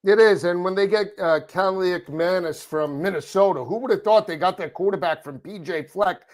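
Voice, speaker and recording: A man's voice: high-pitched, moderate pace. A man hosting a casual sports chat, upbeat and enthusiastic. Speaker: host.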